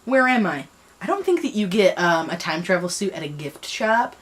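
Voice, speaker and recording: Young woman vlogger with a lowish voice, rambling, self-mocking, lots of fillers. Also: sing-song, moderate pace. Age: young adult. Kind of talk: casual commentary on reading.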